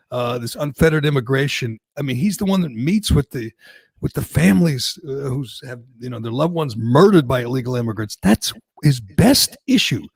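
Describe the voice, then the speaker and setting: Gravelly, opinionated talk show host. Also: male voice, fairly high pitch, no room sound, clean studio sound. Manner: animated, opinionated. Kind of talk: casual political talk.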